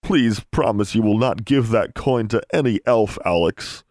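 A man's voice: lowish voice, animated, moderate pace, darkish tone, no room sound, studio quality, close to an everyday voice. A man voicing a young male elf who pleads earnestly in broken grammar. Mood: pleading.

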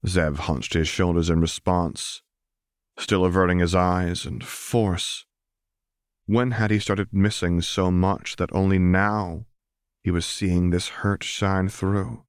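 Male audiobook narrator, very low and level, steady read, dry studio sound. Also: slow pace, smooth, no room sound. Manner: steady, even storytelling read. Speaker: audiobook reader. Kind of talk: scripted narration.

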